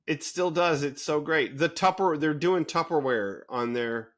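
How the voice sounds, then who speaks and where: A man co-hosting a podcast, talking in a casual, animated way with many fillers. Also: fairly high pitch, a little slow. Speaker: podcast co-host. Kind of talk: casual chat.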